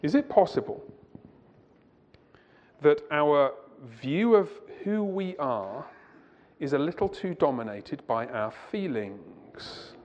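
A man's voice: on the high side, very animated, takes it slowly, pauses often, darkish tone, long reverb tail, a little hiss or hum. Man lecturing a church audience. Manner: conversational, asks the audience rhetorical questions, digresses. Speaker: Christian conference speaker. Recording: muffled lo-fi recording.

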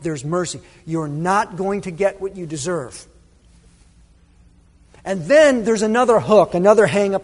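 A man preaching a sermon as pastor, earnest, with dramatic pauses and quoted prayers. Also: high-pitched. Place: church sanctuary. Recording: long reverb of a church hall.

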